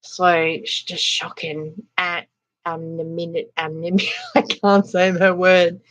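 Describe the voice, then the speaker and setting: A woman's voice: on the low side, slow, dull audio. A middle-aged Australian woman hosting a casual livestream, chatting and laughing as she greets viewers by name. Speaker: livestream host. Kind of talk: casual livestream chat reading comments.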